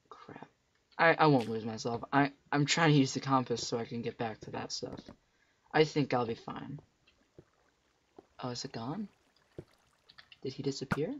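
Brief: man, game host, slow talker with a bright tone and a cracking voice, jumpy and chatty, muffled lo-fi mic. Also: medium pitch, a little hiss or hum. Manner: chatty, jumpy, yelps at enemies. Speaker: let's play host. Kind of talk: gameplay commentary.

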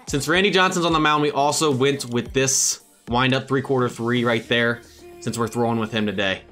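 A young man giving lively, excitable commentary on his own baseball video game, switching between hype shouts and muttered asides. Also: medium pitch, normal speed. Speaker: gaming YouTuber. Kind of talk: excited live gameplay commentary. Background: background music.

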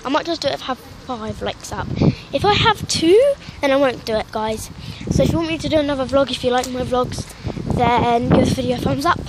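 A woman's voice: sits high, fairly quick. A young woman vlogging casually while walking her dog outdoors, rambling with many fillers and out of breath. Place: outdoors in a park. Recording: loud outdoor noise.

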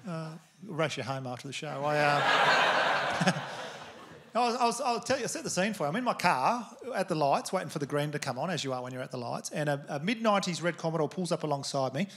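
Australian comic telling crude stories live. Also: male voice, a little high, animated, a little fast, fairly bright tone. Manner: crude, conversational storytelling to a live crowd. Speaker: stand-up comedian. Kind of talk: stand-up comedy set. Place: comedy venue stage. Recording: live venue with audience noise. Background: audience laughter.

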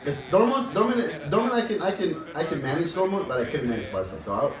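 A man hosting a video game session, excitable and jokey, laughing and trash talking. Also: fairly high pitch, fairly quick. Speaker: gamer host. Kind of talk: excitable gameplay chat. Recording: echoey room, far from mic, game crowd behind.

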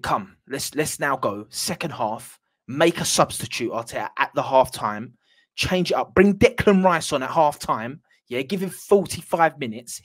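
Furious football fan ranting. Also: male voice, fairly high pitch. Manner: furious, swearing, repeats himself. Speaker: football fan channel host. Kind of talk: angry match reaction rant.

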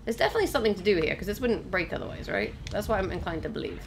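Very fast and animated, a young woman with a medium-pitched voice hosts a let's play, casually commenting on her game, talking to viewers and exclaiming at on-screen moments. The background is noisy, with game ambience clearly behind her voice.

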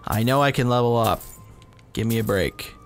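Self-mocking gravelly-voiced gamer. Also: male voice, mid-range voice, moderate pace. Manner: rambling, self-mocking, swears often. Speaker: gaming video host. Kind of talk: casual let's-play commentary. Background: game sounds and music.

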